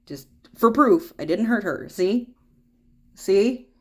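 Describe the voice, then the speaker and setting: A sweaty woman grooms her dogs at home, chatting casually as she works, teasing the dog and talking to viewers. Her mid-range voice is expressive and she takes her time. Her voice echoes around the room over a faint hum of clippers.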